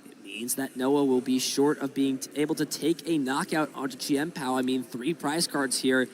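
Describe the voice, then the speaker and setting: Male co-commentator, mid pitch, explains plays at length, faint background hum. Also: steady tone, normal speed. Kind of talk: live card game commentary.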